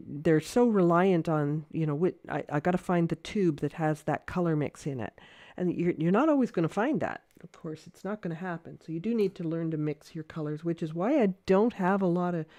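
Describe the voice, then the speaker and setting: A woman giving a casual livestream watercolor lesson, thinking aloud with many fillers in a gentle, encouraging way. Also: fairly low pitch, no room sound, studio quality. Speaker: watercolor art teacher. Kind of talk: casual painting demonstration livestream.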